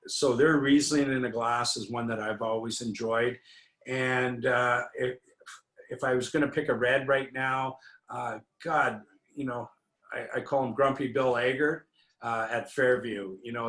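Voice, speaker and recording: A man's voice: mid-range voice, fairly even intonation, measured pace, a bit bright. A man, a winery owner, telling a rambling anecdote as an interview guest, with many fillers and restarts. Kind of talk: anecdotal storytelling in a conversation. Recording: roomy echo.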